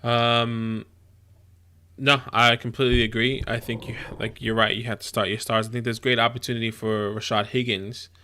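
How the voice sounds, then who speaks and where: An American man co-hosting a casual live stream, agreeable and giving measured picks. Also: medium pitch, flat delivery, bright, forceful tone, clean tone. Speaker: podcast co-host.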